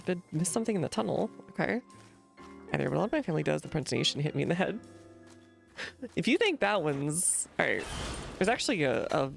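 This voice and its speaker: A woman's voice: low-pitched, vocal fry. A woman streaming a game, chatting casually with rambling, self-questioning asides. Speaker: gaming streamer. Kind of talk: casual let's-play commentary.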